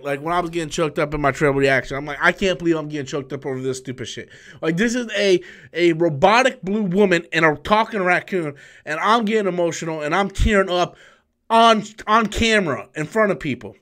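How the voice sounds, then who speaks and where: A man in his thirties, whose voice sits high, hosts a YouTube live stream after a long, tiring work shift. Responding to viewers' messages, he talks excitably and rambles, often restarting what he's saying.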